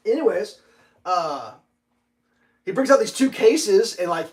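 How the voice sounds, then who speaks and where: Man, high voice, casual livestream chat, rambling, swears a lot, lots of likes and you-knows. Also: very animated, measured pace, pauses often. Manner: rambling, profane storytelling with lots of fillers. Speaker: livestream host.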